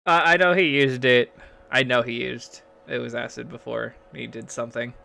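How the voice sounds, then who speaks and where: A man's voice: mid-range voice, steady tone, normal speed, creaky, pushed and bright, a little hiss or hum. A man playing a tabletop game, thinking aloud and mocking his own plans. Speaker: player.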